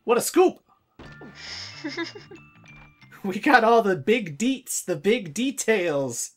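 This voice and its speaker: Casual let's play host, woman, lively chatty delivery. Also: mid-range voice, takes it slowly, faint music behind. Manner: chatty, giggly, says "like" often. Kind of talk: casual game commentary.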